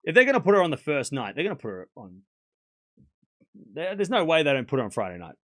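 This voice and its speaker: This tennis stream host has a high, ringing voice that leaps around in pitch as he talks fast through a live watchalong. Excitable and quick to laugh, he gives chatty play-by-play on every point and reads out donations with thanks to donors.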